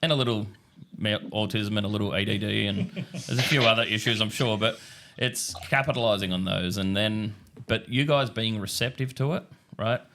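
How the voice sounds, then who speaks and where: An Australian man with a low-set voice who talks loosely and at length as a podcast guest. He wanders through anecdotes and slips into quick voiced-out lines of what he once said. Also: a bit bright. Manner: rambling storyteller, acts out his own past lines. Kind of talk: casual podcast chat.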